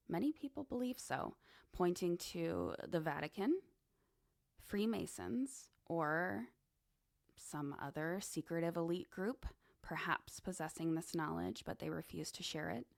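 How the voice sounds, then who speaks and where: Speaking in a lowish voice with vocal fry, a woman hosts a podcast and muses on esoteric topics in a casual monologue full of conversational asides. The sound is dry and studio-clean.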